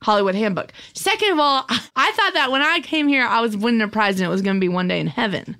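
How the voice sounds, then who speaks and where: Mock-angry comedian woman, high voice. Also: lively intonation, fast, bright, forceful tone. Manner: mock-angry, exaggerated, playful outbursts. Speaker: comedian guest. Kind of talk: improvised comedy podcast banter.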